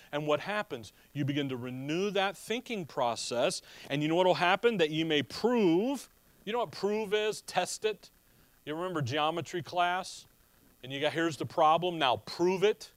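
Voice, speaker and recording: A man's voice: a little high, no room sound. A middle-aged man preaching a conversational expository sermon and asking his listeners rhetorical questions. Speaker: pastor.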